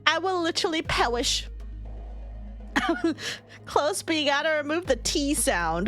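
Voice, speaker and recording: A woman's voice: high voice, very animated, a little slow, pauses often, fairly bright tone, faint music behind. A young woman streaming a game in casual chat, laughing constantly and swearing freely. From United States.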